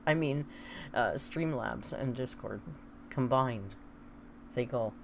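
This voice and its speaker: A woman's voice: extremely low pitch, slow, creaky, pauses often, a little hiss or hum. A woman chatting casually on a live stream, reading viewer comments aloud and laughing often.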